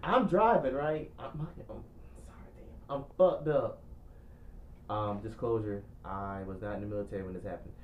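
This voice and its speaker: A man's voice: lowish voice, normal speed, narrow, tinny audio, slight background noise. A man telling a long, profane story on a casual podcast, acting out every line of dialogue. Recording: echoey room.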